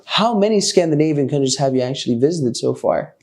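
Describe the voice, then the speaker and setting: A man interviewing a guest in a playful, teasing way with quick interjections. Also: medium pitch, lively intonation, a little mellow. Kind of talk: casual interview chat.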